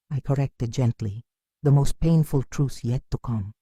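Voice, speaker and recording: Woman telling a dramatic story, mellow voice. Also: a bass voice, slightly rough, no echo. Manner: measured, emotional storytelling delivery. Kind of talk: first-person dramatic story narration.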